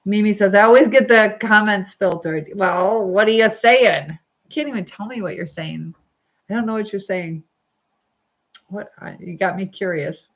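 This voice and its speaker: A woman hosts a casual livestream over a phone or webcam, her mid-range, slightly bright voice coming through dull audio at normal speed. She reads viewer comments aloud in a chatty, upbeat way, laughing often and using lots of fillers.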